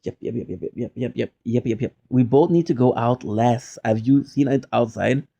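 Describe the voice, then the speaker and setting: A man's voice: mid-range voice, normal speed, creaky, dark tone, dull audio. A young man streaming live, chatting casually with viewers in a playful, teasing way, often repeating phrases in mock outrage. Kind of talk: casual chat.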